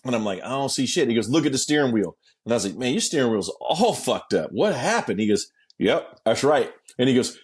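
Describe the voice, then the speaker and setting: A husky-voiced man, a guest in a laid-back interview, spins a story full of acted-out quotes and abrupt leaps in pitch. He curses liberally and laughs as he goes.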